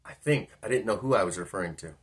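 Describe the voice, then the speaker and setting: A man's voice: on the low side, lively intonation, fast. A man telling a personal story in a rambling, musing monologue, often asking himself questions. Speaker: vlogger.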